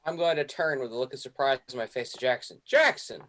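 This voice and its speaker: A man role-playing his character in a tabletop game. His voice sits at an ordinary middle pitch. He talks in an insistent, deadpan way that turns flustered at times. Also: quick pace, crowd noise. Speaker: player.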